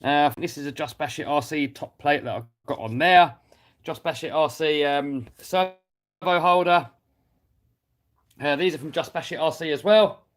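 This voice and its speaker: A British man talks casually on a live stream, reading out viewer comments while he works on a model car. His voice sits slightly high for a man, and he laughs easily. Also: moderate pace, fairly bright tone. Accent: British English. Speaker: RC hobby YouTuber reading live chat.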